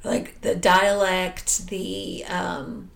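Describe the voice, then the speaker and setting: Low, gravelly-voiced woman chatting. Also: level tone, extremely slow, roomy sound. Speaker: podcast co-host. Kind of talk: casual chat.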